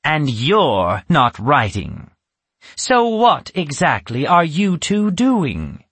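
A man voicing a stern, suspicious female witch in a storybook reading, speaking slowly and with menace. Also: a little high, huge pitch swings, a bit bright, husky, no echo, pitched above the performer's own voice, full character voice. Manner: menacing, slow and drawn-out.

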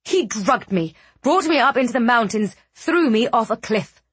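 A woman's voice: on the high side, lively intonation, normal speed, husky, no echo, voice pushed up. A woman narrator voicing a furious, vengeful young female wind sorceress who snaps in a raised voice. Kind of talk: audiobook character voice.

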